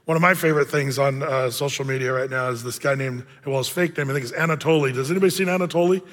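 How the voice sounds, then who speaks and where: A man's voice: mid-range voice, fast, fairly bright tone. A male pastor preaching a conversational sermon, chatty and story-driven, with plenty of fillers. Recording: long reverb of a large hall.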